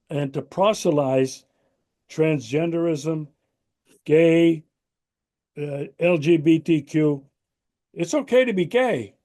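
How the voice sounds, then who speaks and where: Mellow, measured male interview host. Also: a little high. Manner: measured, with many fillers and restarts. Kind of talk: interview questions and commentary.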